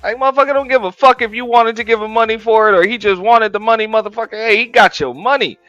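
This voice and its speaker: High bright-voiced man, profane laid-back host. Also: fast, dry recording, lo-fi sound, faint music behind. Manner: laid-back, swearing, laughing, repeats phrases. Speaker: show host reacting to clips. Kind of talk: casual profane reaction commentary.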